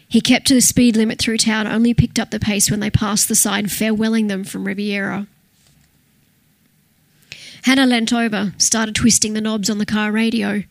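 A woman reading a crime novel aloud in steady, scripted narration. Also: mid-range voice, moderate pace, gravelly, dry recording. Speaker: audiobook narrator.

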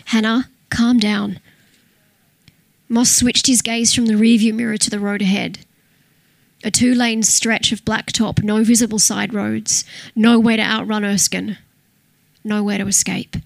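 A woman reading a crime novel aloud in steady, scripted narration. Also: mid-range voice, normal speed, vocal fry, no echo. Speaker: audiobook narrator.

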